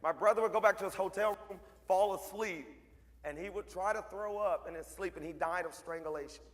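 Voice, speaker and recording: A man's voice: sits high, a little fast. A man giving a motivational speech to a school assembly as a mentor, telling stories emphatically and repeating lines for effect. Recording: long hall reverb.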